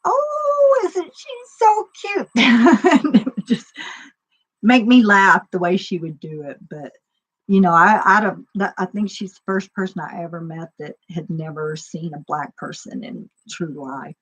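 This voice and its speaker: A woman's voice: lowish voice, normal speed, a bit bright. A woman chatting casually as a stream host, rambling and laughing often. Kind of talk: casual chat.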